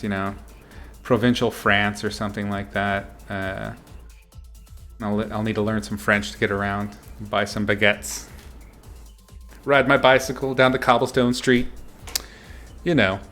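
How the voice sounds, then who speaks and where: Male streamer, easygoing chat with viewers, quick laughs, soft music in the background. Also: on the low side. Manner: chatty, laughs often, reads and answers chat. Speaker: streamer chatting with viewers while painting. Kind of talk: casual livestream chat.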